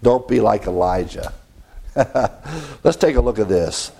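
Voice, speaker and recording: A man's voice: mid-range voice, lively intonation, slow pace, creaky, dark tone. A man preaching a sermon, reading scripture and adding conversational asides with frequent chuckles.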